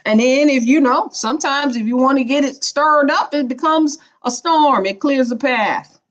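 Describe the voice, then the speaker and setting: A woman's voice: high voice, moderate pace. A woman, giving a spiritual teaching talk in a playful, preachy, colloquial way. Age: 50s. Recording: dull lo-fi recording.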